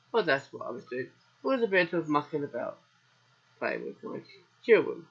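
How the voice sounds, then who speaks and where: A man's voice: on the high side, gravelly, husky, lo-fi sound. A British man with a sore throat, chatting casually through a farming game as its host, rambling and answering his own questions. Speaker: let's play host.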